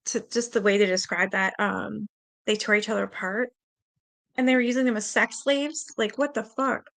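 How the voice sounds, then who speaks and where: A woman's voice: medium pitch, fairly even intonation, normal speed, creaky, fairly bright tone. A Canadian woman hosting a livestream, reading aloud and chatting loosely with her viewers, swearing freely and laughing often. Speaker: livestream host.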